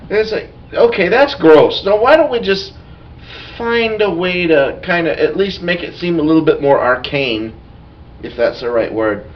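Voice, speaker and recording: A man's voice: high-pitched, moderate pace. A man who co-hosts a podcast and plays in the game, chatting casually with wry jokes. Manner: wry, joking commentary. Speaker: podcast co-host and player. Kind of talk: casual recap of a tabletop game. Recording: dull, distant lo-fi sound.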